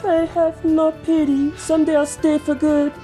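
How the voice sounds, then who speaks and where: A man playing a grandiose, cryptic eccentric who speaks in slow, dramatic, mocking proclamations. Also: very high-pitched, monotone. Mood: lofty. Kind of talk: mockumentary comedy acting. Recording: echoey room with faint music.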